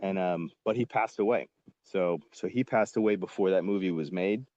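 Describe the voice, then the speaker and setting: A man in his forties with a lowish, mellow voice tells a story as a podcast guest. He rambles through it with plenty of fillers and casual swearing. The sound is dry and slightly dull, like a lo-fi podcast. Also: moderate pace, a little hiss or hum.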